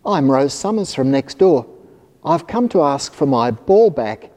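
A man's voice: a little high, sing-song, a little slow, a little mellow. A man voicing a polite, brave little girl in a storybook reading, speaking earnestly. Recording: reverberant hall.

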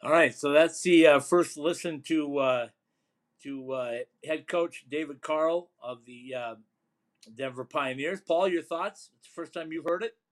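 A man's voice: a little high, a little slow. A man hosting a sports radio show, chatting casually with plenty of fillers and restarts. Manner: rambling, filler-heavy, chuckling.

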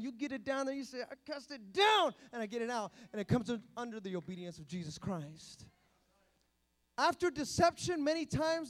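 A male pastor preaching a sermon, emphatic and building to loud exhortations. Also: very high-pitched.

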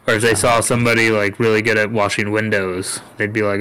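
A man's voice: lowish voice, level tone, brisk, a bit bright, a little hiss or hum, rough recording. A man co-hosting a podcast in casual chat, trading dry, joking asides. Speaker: podcast co-host.

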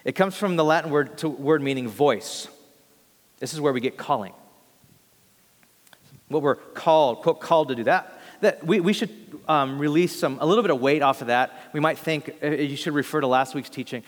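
A man's voice: medium pitch, normal speed. A young adult man, a pastor, preaching a sermon in an earnest, conversational way, often restarting his phrases. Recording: long hall reverb.

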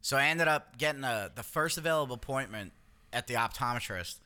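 A man's voice: medium pitch, expressive, brisk, bright, forceful tone, smooth. A man co-hosting a podcast, telling a story in casual chat, swearing freely and acting out quotes. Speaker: podcast co-host.

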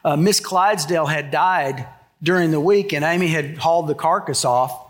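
On the high side and at normal speed, this older pastor's voice carries a folksy sermon. He moves between scripture and funny stories about his family, telling them in a homespun, storytelling manner.

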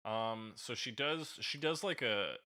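A man's voice: medium pitch, unhurried, sharp tone. A man co-hosting a casual music podcast, easygoing and agreeable. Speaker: podcast co-host. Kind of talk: casual chat.

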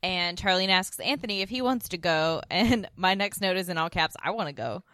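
A woman's voice: fairly low pitch, moderate pace, smooth, dry recording. A woman co-hosting a podcast, casually recapping an episode and quoting characters. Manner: relaxed recapping, often quotes characters. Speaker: podcast co-host.

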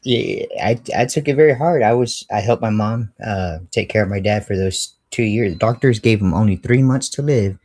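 Earnest low-voiced male caller. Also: moderate pace, hardly any pauses, darkish tone. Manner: earnest, restarts with many "you know"s. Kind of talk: call-in talk, preaching comfort.

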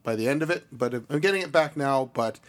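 A man with a hoarse, worn voice, chatting casually as a podcast co-host and laughing often. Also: medium pitch, expressive, fairly quick. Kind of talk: casual chat.

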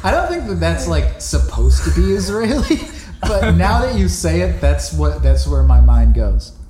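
A man's voice: a little high, sing-song, a little slow. A man chatting casually, laughing often and rambling while he searches for words. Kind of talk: casual chat. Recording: echoey room with crowd noise.

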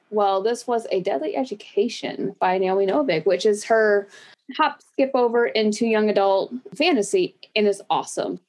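A woman with a fairly high voice chats casually as a podcast co-host. She gushes with enthusiasm, sometimes acting out lines of dialogue. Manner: gushing, enthusiastic, acts out quoted dialogue. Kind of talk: casual chat about books.

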